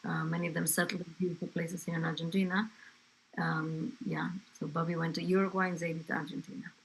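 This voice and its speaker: A woman's voice: fairly low pitch, flat delivery, fast, creaky, slight background noise, rough recording. An older woman from England telling her grandchild family stories in a conversational way, with fillers and asides. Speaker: interviewee, grandmother. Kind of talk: family history storytelling.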